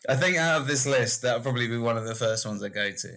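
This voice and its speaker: A man's voice: medium pitch, fast. A man co-hosting a casual podcast, rambling through film scenes and acting out the characters. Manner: rambling, animated retelling of film scenes with put-on character voices. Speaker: podcast co-host. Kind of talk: casual chat about films.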